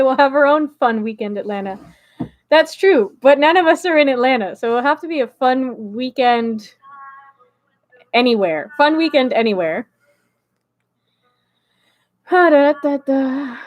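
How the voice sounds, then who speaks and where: A woman streamer chatting casually with her live chat, bubbly and laughing often. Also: sits high.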